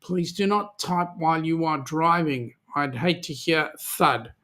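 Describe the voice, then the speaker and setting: A man's voice: on the high side, a little slow, fairly bright tone. An Australian man hosting a live chat show, reading out viewer comments and joking around with many ums. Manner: chatty, jokey, many ums. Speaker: host.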